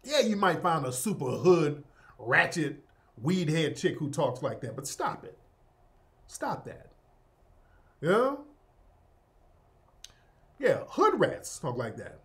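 A man's voice: a little high, very animated, takes it slowly, pauses often. A male host giving opinionated commentary, sardonic and emphatic, often tagging his points with "yeah?".

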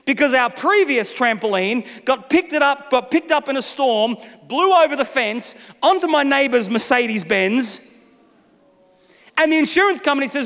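A pastor preaches from a church stage, animated and funny, slipping into other voices to make his points. His voice sits very high for a man. The sound rings with the long reverb of a large hall. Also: moderate pace. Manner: animated, humorous, acts out voices. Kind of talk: sermon.

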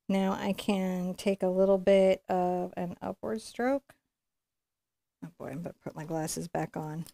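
A woman's voice: medium pitch, a little mellow, dry recording. A woman giving a live painting tutorial, chatting and encouraging as she works and thinking aloud. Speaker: painting instructor.

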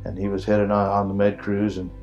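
A man's voice: fairly low pitch, monotone, brisk, a little mellow, dull audio, faint music behind. An older veteran man telling a combat story in an oral history interview, acting out sounds and voices as he goes. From United States.

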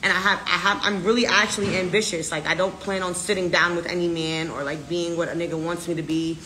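A woman's voice: lowish voice, fairly even intonation, fast talker, pushed and bright, reverberant, a little hiss or hum. An American woman ranting defiantly in a casual live video, brash and profane. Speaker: social media personality.

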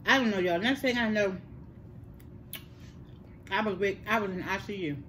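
An older woman, telling a personal story in casual chat, animated and repeating words for emphasis. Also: mid-range voice, normal speed, slight background noise. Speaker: host.

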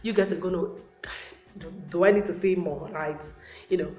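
A woman's voice: fairly low pitch, steady tone, moderate pace, soft background music. A woman giving relationship advice to the camera in a casual, chatty way, often calling her viewers guys. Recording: roomy, slightly dull sound.

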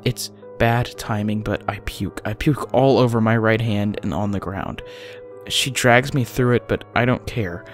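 A man narrating a first-person horror story, often dropping to a hushed, breathy delivery at tense moments. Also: fairly low pitch, measured pace. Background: faint music.

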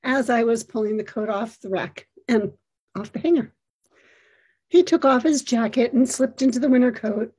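Breathy middle-aged woman telling a story. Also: fairly high pitch, dark tone. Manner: reflective, measured, descriptive. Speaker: parent telling a personal story. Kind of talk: personal storytelling.

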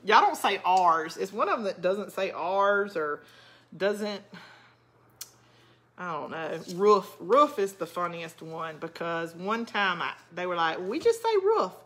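This craft channel host, a middle-aged woman from South Georgia, talks slowly in a lowish, slightly bright voice. She's doing a casual live craft chat, working on her project while answering what viewers write in.

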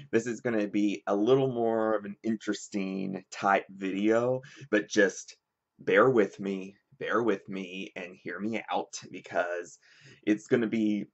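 A young man talking casually to camera, rambling with many fillers and switching between a softer and a deeper voice. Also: fairly even intonation, slow, lo-fi sound. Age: young adult. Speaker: vlogger.

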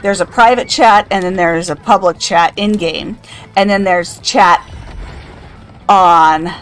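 A woman's voice: on the low side, takes it slowly. An older woman streaming a game, chatting casually, reading out chat and laughing often. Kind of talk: casual live-stream chat while gaming.

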